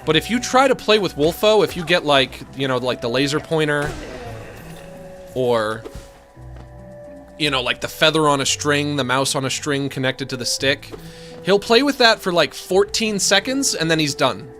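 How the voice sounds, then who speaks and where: A somewhat high-voiced man in his thirties streaming from home, chatting to his audience in a dry, sardonic way. His rants swing into exasperated outbursts, with faint game music playing behind him. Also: expressive, normal speed, fairly bright tone. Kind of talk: casual live-stream chat while gaming.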